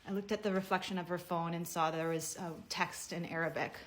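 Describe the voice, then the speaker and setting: Woman, lowish voice, earnest and measured, heartfelt personal message to camera. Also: fairly even intonation. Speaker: personal video speaker.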